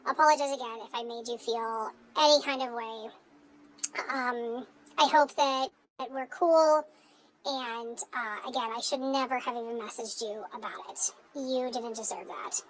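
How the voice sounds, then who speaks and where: A woman's voice: on the high side, slight background noise, low-quality recording. A woman leaving an apologetic, rambling voice memo.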